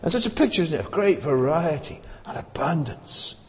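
A man's voice: fairly high pitch, lively intonation, fairly quick. A middle-aged man preaching a sermon in a chapel, talking in a conversational way and often asking "isn't it?". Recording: long hall reverb.

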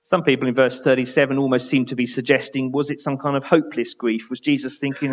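A man's voice: medium pitch, little pitch movement, quick pace, hardly any pauses. Earnest male preacher, lo-fi recording. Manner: earnest, softening to a hush on key words. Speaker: pastor. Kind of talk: sermon.

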